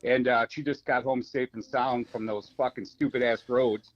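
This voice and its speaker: A man's voice: mid-range voice, fairly even intonation, moderate pace, lo-fi sound. Rambling male podcast co-host. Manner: rambling storyteller, many fillers and restarts. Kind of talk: casual podcast chat over remote call.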